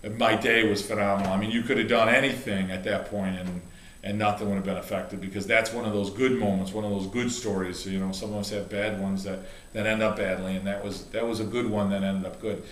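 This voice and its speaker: A man's voice: fairly low pitch, level tone, a little fast, a bit bright, echoey room, a little hiss or hum. A middle-aged man, a chiropractor and coach, telling a heartfelt story in a rambling way, with many restarts and fillers. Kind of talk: casual video talk.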